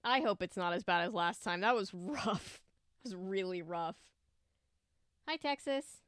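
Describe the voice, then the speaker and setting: A woman's voice: mid-range voice, expressive, measured pace, a bit bright, clean tone, no room sound, studio quality. A young woman hosting a casual livestream, chatting and greeting viewers by name. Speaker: livestream host.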